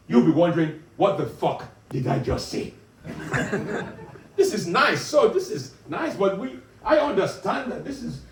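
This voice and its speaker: A man performing stand-up as a boastful, bombastic self-styled male African dictator who lectures and teases his audience. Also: a little hiss or hum. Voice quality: booming, boastful, commanding. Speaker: stand-up comedian. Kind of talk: character stand-up comedy. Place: pub gig room. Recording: echoey pub, distant mic, loud crowd.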